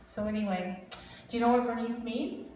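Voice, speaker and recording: A woman's voice: a little high, fairly even intonation, normal speed, warm tone, a little hiss or hum. Chatty, laughing woman in an echoey hall. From Wisconsin, USA. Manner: chatty, laughs often, rambling asides. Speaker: guest speaker prophesying over a family. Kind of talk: informal prophetic ministry talk. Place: large hall. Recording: echoey hall recording from far off.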